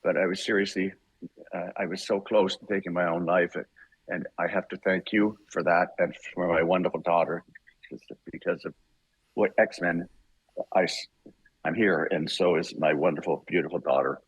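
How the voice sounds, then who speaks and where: Husky deep-voiced older man telling a story. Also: fairly even intonation, no echo, rough recording. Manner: emotional, halting storytelling. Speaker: voice actor guest. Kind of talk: storytelling in a podcast interview.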